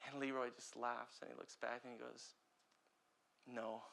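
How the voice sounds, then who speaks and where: A young adult man preaching a sermon as pastor, impassioned, swinging between loud urgent passages and quiet ones. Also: mid-range voice, flat delivery, brisk, creaky.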